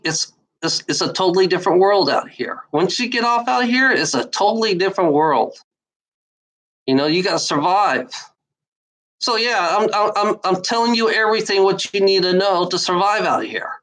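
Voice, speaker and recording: In her forties, this woman vlogs life advice directly at the viewer, wandering through a casual monologue, starting over, repeating herself and cursing nonstop, all in a bitter, weary tone. Her medium-pitched voice is expressive and fairly bright at a normal pace, though the audio is poor.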